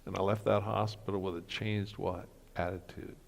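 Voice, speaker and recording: A man's voice: sits low, level tone, moderate pace, gravelly. A man giving a motivational talk as guest speaker at a church men's breakfast, telling stories with humor and acting out the dialogue. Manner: storytelling that acts out dialogue with humor. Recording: reverberant hall.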